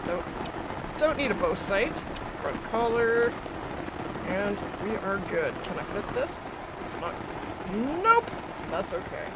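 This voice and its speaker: A woman's voice: mid-range voice, background noise. A woman hosting a casual gaming livestream, chatting with viewers by name while she has the hiccups. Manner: chatty, greets viewers by name, laughs often.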